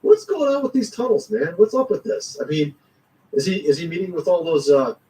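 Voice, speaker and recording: A man's voice: high-pitched, animated, brisk, mellow, recorded from a distance, poor audio. A man giving rambling, slangy commentary in a vlog, chuckling often. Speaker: commentary vlogger. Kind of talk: casual political commentary.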